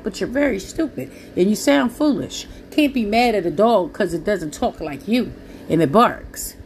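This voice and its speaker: A woman's voice: a little high, a little mellow, slight background noise. A woman with speech, preaching to listeners in an earnest, pleading, blunt way. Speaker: Christian preacher.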